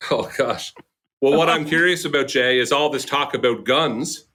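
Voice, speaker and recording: A man hosting a casual comedy podcast with friends, animated and laughing as he talks. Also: medium pitch, moderate pace, a crowd in the background. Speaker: podcast host.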